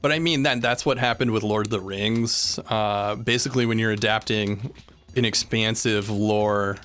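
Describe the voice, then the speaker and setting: A man's voice: on the low side, steady tone, normal speed, fairly bright tone. Rambling, laid-back male game streamer. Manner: rambling, loose, full of "like" and "uh". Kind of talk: casual live-stream chat while gaming.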